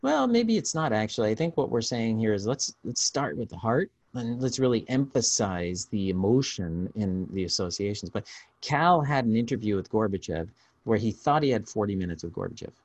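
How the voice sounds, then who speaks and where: Male podcast host, lowish voice, dry close sound, chatty storyteller. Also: moderate pace, no room sound. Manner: storytelling, animated, restarts often. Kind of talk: casual podcast chat.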